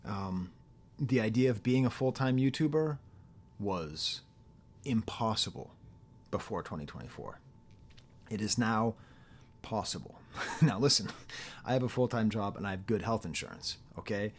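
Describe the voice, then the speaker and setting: A man's voice: fairly low pitch, animated, unhurried, long pauses, slightly rough. Chatty man critic, laughing asides. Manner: chatty, digressive, laughs often. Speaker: YouTube rap critic and academic. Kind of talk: casual monologue to camera.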